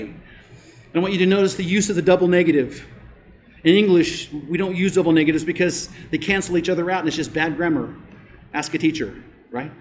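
A pastor preaching a sermon, emphatic, rising to loud declarations and dropping to quiet asides. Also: male voice, on the high side, brisk.

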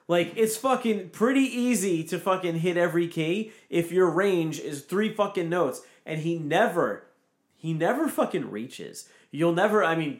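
A man in casual podcast chat who rants emphatically and swears constantly. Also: on the high side. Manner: profane, ranting, emphatic.

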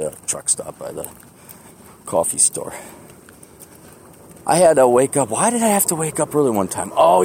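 A man's voice: medium pitch, darkish tone. Man, rambling walk-and-talk, chatty, self-deprecating, laughs a lot, faint street traffic behind. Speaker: podcast host. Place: outdoors on a street, walking to a bus.

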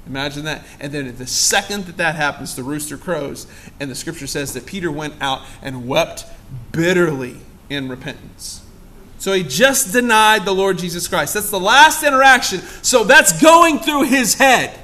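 A man's voice: moderate pace, pushed and bright. A man preaching a sermon to a congregation in a church, acting out the lines of the story with dramatic swings and asking the room questions. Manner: dramatic, acts out quoted lines with big shifts in pitch and volume; asks the congregation direct questions. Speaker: pastor.

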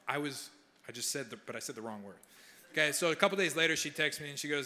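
In a large church hall, a young male pastor tells a funny personal story with animated, self-mocking humor before leading a prayer during his sermon. He talks fast, and his voice is a little high.

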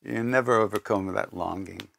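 An older man giving a spiritual talk, telling personal stories in an unhurried, reflective way with pauses and self-corrections. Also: lowish voice, creaky, fairly bright tone, dry recording. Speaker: spiritual teacher.

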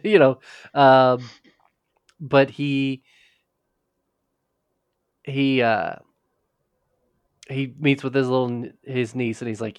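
A man's voice: mid-range voice, little pitch movement, slow, pauses often, clear, resonant tone, no room sound. A man co-hosting a podcast, casually recapping a TV episode in a rambling way, with frequent restarts. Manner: rambling, restarts often, quotes characters in passing. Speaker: podcast co-host.

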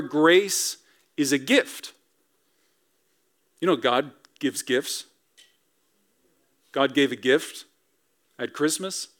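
A pastor in his thirties delivers a Sunday sermon in a church. His voice sits a little higher than most men's, and he keeps it conversational, turning lines into rhetorical questions aimed at the congregation. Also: a bit bright. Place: church sanctuary.

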